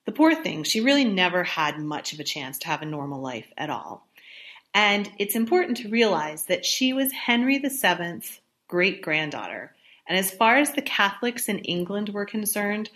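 A woman's voice: fairly low pitch, fairly bright tone. A woman explaining history in a casual, conversational way, with fillers and self-corrections. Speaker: history presenter.

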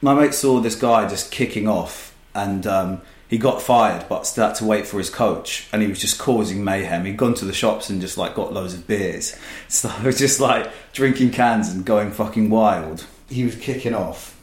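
A man's voice: lowish voice, moderate pace, few pauses, echoey room. A man casually telling stories as a podcast guest, rambling and swearing freely. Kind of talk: casual storytelling.

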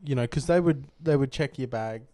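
A man's voice: medium pitch, brisk, mellow, no echo. A young man co-hosting a podcast, telling stories in a loose, sweary, filler-heavy way. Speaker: podcast co-host. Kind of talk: casual chat.

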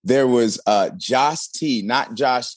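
A man who is a reality dating show cast member, telling stories in an animated, casual way with lots of fillers. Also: medium pitch, slow pace, dry recording. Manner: animated storytelling with many fillers. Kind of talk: casual interview chat.

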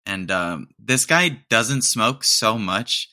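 Young man, podcast host, unhurried delivery, sarcastic, rambling, chuckles at his own jokes. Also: fairly low pitch, lively intonation, pushed and bright. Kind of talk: casual comedic monologue.

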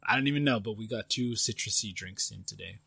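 A man with a husky, slightly rough voice trading easygoing jabs about beer. The sound is dry and close, with no room around it. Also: on the low side, fast, bright, forceful tone, dry recording. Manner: easygoing, teasing. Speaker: podcast co-host. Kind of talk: casual beer-tasting chat.

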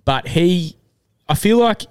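A man co-hosting a podcast, telling stories in slangy casual chat and laughing often. His pitch moves a lot, and the sound is dry and close. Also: animated, slow pace, smooth, no room sound. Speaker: podcast co-host.

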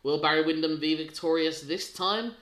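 A man's voice: fairly high pitch, moderate pace, fairly bright tone. Chatty man in an echoey room. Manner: chatty, joking, self-deprecating. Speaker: podcast co-host. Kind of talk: casual chat.

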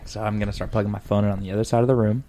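A man's voice: fairly low pitch, fairly even intonation, dark tone, a little hiss or hum. A man hosting a podcast, telling rambling stories in casual chat and slipping into voices. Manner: rambling, quick storytelling, puts on voices. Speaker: podcast host.

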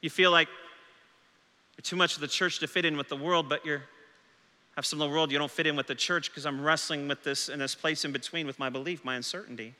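A male pastor delivers a sermon with swings between hushed lines and urgent, rising questions. His voice sits high and rings bright and sharp. The sound carries a long reverb from the church sanctuary. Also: fairly even intonation, brisk. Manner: dramatic preaching, voicing doubting disciples' questions. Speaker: senior pastor.

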